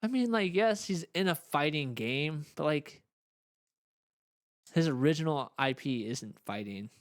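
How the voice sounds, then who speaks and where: Man, podcast co-host, casual chat, trails off, lively pitch. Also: a little slow. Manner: lively, trailing off mid-sentence.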